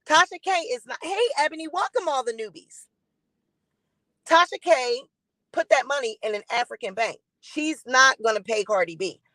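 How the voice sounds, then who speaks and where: A woman's voice: high-pitched, lively intonation, moderate pace, fairly bright tone, no echo, low-quality recording. A woman hosting a live-stream gossip commentary, blunt and defiant, swearing freely and greeting chat viewers by name.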